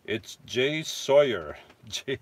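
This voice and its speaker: A man's voice: medium pitch, very animated, very slow. A man casually chatting on a live stream from inside his van, reading viewer comments and answering in a rambling, self-correcting way with chuckling asides. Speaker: vlogger reading live chat.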